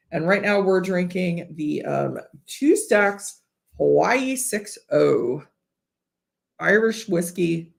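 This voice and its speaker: A woman's voice: fairly low pitch, creaky. A woman from Ohio hosts a casual live whiskey tasting from her home studio. She talks in a chatty, rambling way, full of fillers and restarts, and sounds a little tipsy. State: a bit tipsy. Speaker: whiskey livestream host. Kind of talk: casual live-stream chat.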